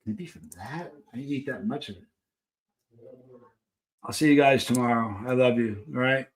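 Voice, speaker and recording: A man's voice: mid-range voice, normal speed. A man hosting a livestream, chatting casually and rambling to his viewers. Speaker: livestream host.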